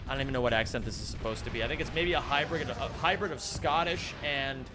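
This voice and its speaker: A man with a medium-pitched voice talks quickly, barely pausing, while he live-streams a game with music playing behind him. He banters with his chat, reads viewers' messages aloud, and fires back with mock indignation.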